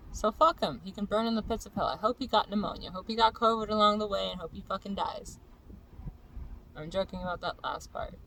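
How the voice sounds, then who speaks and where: A woman's voice: medium pitch, a bit bright, a little hiss or hum, rough recording. A young woman vlogger ranting angrily and profanely about someone, in a heated, personal way. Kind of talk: angry personal vlog rant.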